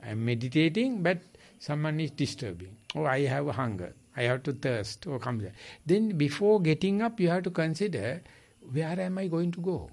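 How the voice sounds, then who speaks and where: A man, a Buddhist monk giving a dharma talk in halting English, with restarts and repeated words. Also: on the high side, gravelly. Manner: lively, halting non-native English with repeats.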